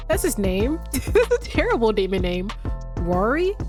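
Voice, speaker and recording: A woman's voice: fairly high pitch, big pitch swings, measured pace, pauses often, over music. A woman gamer giving let's-play commentary over a visual novel with joking, swearing asides.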